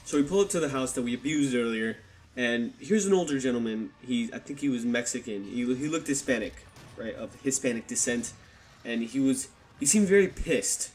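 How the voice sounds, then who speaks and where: A man's voice: medium pitch, a little mellow, a little hiss or hum. A young man casually telling a personal story to camera, swearing a lot and acting out what people said. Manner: casual, swears heavily, acts out quotes. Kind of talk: storytime vlog. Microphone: desktop USB microphone.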